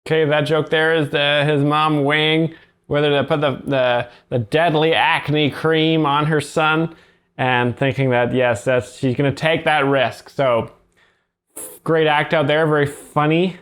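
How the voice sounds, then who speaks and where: A man explaining jokes in a flat, deadpan commentary. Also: fairly high pitch, a little slow. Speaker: joke explainer.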